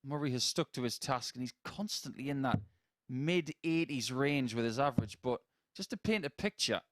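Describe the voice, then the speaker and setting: A man doing live darts commentary, measured and analytical with a dry sense of humour. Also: mid-range voice, animated, a bit bright, no echo.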